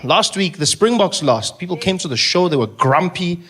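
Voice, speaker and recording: A South African man doing stand-up comedy, animated, slipping into voices with laughing asides. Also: high-pitched, moderate pace. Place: comedy stage before a live audience.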